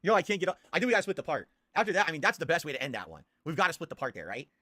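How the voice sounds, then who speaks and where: A man hosting a live stream, reacting to old ads in crude, excitable casual commentary full of swearing. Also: a little high, racing, no room sound, clean studio sound. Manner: crude, swearing, excitable, bursts into loud laughter.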